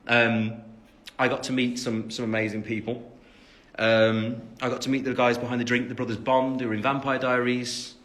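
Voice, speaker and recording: Over a phone camera, a twenty-something man with a Midlands English accent chats casually on a livestream at home after the gym, fielding fan questions with plenty of fillers and self-deprecating asides. His voice is mid-range and a bit bright, level in tone, at a moderate pace.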